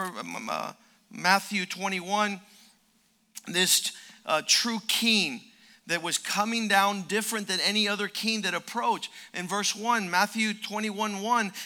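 A man preaching a sermon as pastor, animated, jumping from quiet asides to loud shouts. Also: high voice.

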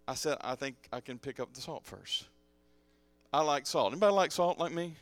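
A man's voice: a little high, moderate pace, fairly bright tone, no echo, faint music behind. A male pastor preaches a sermon to his congregation, calling out for responses and mixing in jokes and casual asides. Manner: joking, conversational asides. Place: church sanctuary with congregation.

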